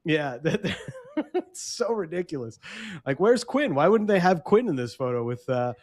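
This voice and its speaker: Animated man co-hosting a sports podcast. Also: fairly high pitch, normal speed. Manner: animated, slips into mock voices when quoting others. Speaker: podcast co-host. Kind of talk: casual sports podcast chat.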